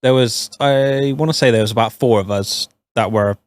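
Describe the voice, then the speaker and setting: A man's voice: medium pitch, normal speed. A man co-hosting a podcast, chatting casually with short, laid-back replies and some swearing. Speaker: podcast co-host. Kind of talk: casual chat.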